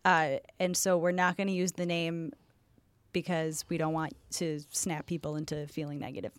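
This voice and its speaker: A woman's voice: sits low, little pitch movement, moderate pace, smooth, no room sound. A woman with a Chicago accent, co-hosting a podcast in playful casual chat and laughing often. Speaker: podcast co-host.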